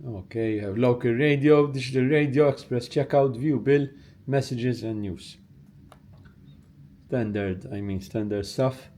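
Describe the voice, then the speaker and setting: A Maltese-accented man gives a casual vlog tour of a hotel room, talking easily into a handheld camera at a middle pitch. He rambles in a friendly way and pauses on little fillers as he goes. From Malta. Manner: chatty, relaxed, thinks aloud with fillers. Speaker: travel vlogger.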